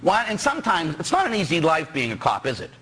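A priest from Pittsburgh giving a sermon, joking and asking the congregation rhetorical questions. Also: male voice, a little high, fast, husky. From Pittsburgh, USA. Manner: animated, jokey preaching with rhetorical questions to the congregation. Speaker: parish priest.

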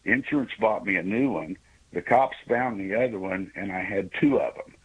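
A man's voice: lowish voice, normal speed, husky, highs cut off. A man in his sixties calling in to tell an earnest, rambling personal story, often stopping and restarting his sentences. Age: 60s. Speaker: caller.

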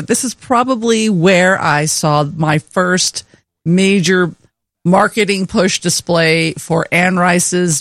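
A woman co-hosting a podcast in casual chat, lively and self-mocking, laughing often. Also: medium pitch, no room sound, studio quality. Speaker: podcast co-host.

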